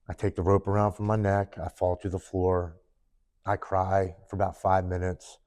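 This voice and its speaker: A man's voice: low-pitched, completely flat delivery, moderate pace, a little mellow. A man as a podcast guest, earnestly telling his own story in the present tense, sitting in person with the hosts. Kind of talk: personal recovery story in a sit-down interview.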